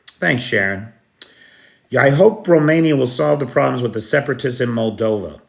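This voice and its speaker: A man's voice: medium pitch, expressive, moderate pace, creaky. A man hosting a casual livestream, thanking viewers by name and answering their comments bluntly. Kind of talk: casual live-stream chat.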